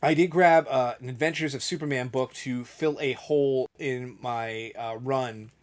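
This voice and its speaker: A man's voice: medium pitch, fairly even intonation, moderate pace. A middle-aged man co-hosting a casual chat, telling a rambling story and acting out the quotes. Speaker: podcast co-host.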